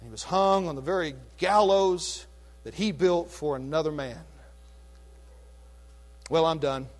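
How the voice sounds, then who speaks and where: A man preaching a sermon, retelling a scripture story in an animated, chatty way with casual asides. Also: on the high side, measured pace.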